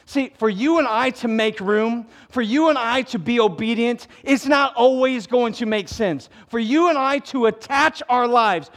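A man's voice: extremely high pitch, a little slow, few pauses, a bit bright. A man preaching a sermon in a conversational, emphatic way, full of rhetorical questions. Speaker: pastor.

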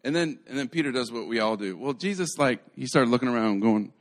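A man's voice: medium pitch, lively intonation, fast. A man preaching a sermon in a conversational way, retelling stories animatedly and often restarting his phrases. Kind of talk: live sermon.

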